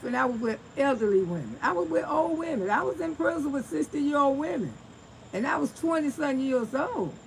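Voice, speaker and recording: A gravelly-voiced woman, chatting on a livestream from home. She tells stories and answers her viewers as she goes, laughing often, with faint noise behind her on a phone mic. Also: a little high, poor audio. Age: 60s. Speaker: livestream host. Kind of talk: casual livestream storytelling.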